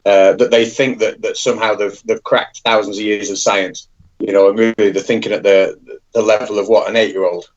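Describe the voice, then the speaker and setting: A man's voice: lowish voice, fairly even intonation, fairly quick, dull audio. A man chatting as a guest on a live stream, stammering and restarting his sentences, with frequent laughs. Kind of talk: casual live-stream chat.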